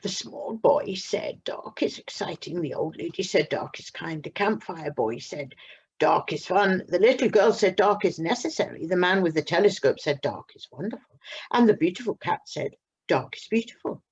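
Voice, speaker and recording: A woman voicing a small, curious young boy owl who is afraid of the dark, in a storybook reading. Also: lively intonation, normal speed, breathy edge, highs cut off, full character voice. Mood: excited. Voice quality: high and childlike.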